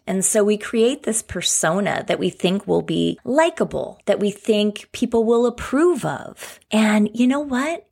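A woman's voice: lowish voice, gravelly. A woman hosting her own podcast, talking frankly and candidly in a conversational solo monologue. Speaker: podcast host.

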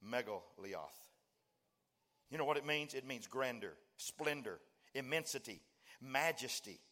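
A man's voice: medium pitch, lively intonation, normal speed. A male preacher delivering a sermon, mixing folksy joking asides to the congregation with rising, fervent declarations. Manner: builds to fervent shouting, acts out dialogue.

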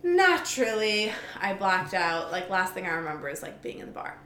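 A woman's voice: mid-range voice, big pitch swings, fairly quick, a bit bright. A woman in her twenties, co-hosting a podcast, joking and chatting casually. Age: 20s. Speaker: podcast co-host. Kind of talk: casual chat. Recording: echoey room, faint background noise.

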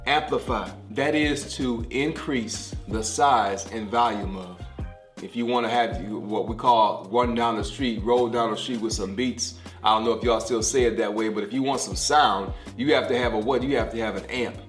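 A man's voice: medium pitch, normal speed, roomy sound, soft background music. A middle-aged man giving a podcast devotional sermon, talking like a conversation and repeating key phrases for emphasis. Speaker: pastor.

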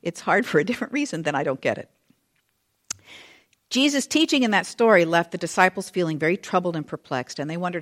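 A woman teaching a Bible study in a chatty, conversational way, full of asides and lively retelling. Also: lowish voice, fairly quick. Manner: expressive, animated retelling.

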